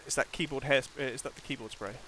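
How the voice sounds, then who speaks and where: A man's voice: mid-range voice, fast talker, sharp tone, a little hiss or hum. A man streaming a video game, chatting playfully and reading the game's text aloud, often restarting his sentences.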